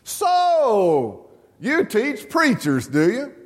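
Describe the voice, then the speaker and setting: A man's voice: very high voice, wildly swooping pitch, drawn-out words, long reverb tail, voice pushed up, exaggerated voice. A preacher voicing a friendly, folksy older man who chats with strangers at their table. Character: friendly old mountain man, folksy and chatty.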